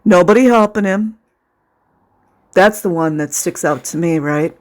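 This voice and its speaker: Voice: medium pitch, measured pace. A video commentator talking casually over footage, sarcastic and indignant, sometimes sounding close to tears.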